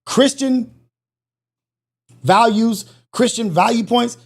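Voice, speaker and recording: A man's voice: very high-pitched, takes it slowly, vocal fry. A man hosting a live call-in show, ranting in a blunt, incredulous way and swearing freely.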